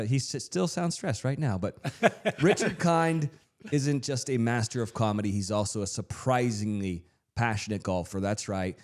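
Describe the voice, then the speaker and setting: A man's voice: on the low side, darkish tone. A man hosting a podcast, reading an upbeat introduction with jokey asides. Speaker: host.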